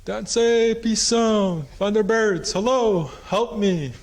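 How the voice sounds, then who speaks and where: A man's voice: fairly quick, natural voice. A man voicing a careless, rude male trickster spirit in an oral story, brushing off warnings and later crying out for help. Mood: panicked. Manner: dismissive, then crying out high for help.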